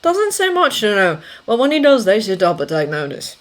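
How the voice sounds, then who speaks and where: A woman reading a story aloud, voicing a loyal, measured male army corporal who speaks plainly. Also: mid-range voice, sing-song, close to an everyday voice. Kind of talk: audiobook character voice.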